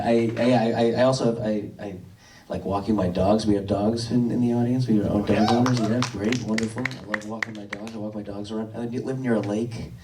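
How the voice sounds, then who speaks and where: Rambling stand-up comic in a roomy club. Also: male voice, lowish voice, far from the mic, noisy background. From Worcester, USA. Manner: rambling, self-interrupting, dry delivery with stammered restarts. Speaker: stand-up comedian. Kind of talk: stand-up comedy set. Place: comedy club stage.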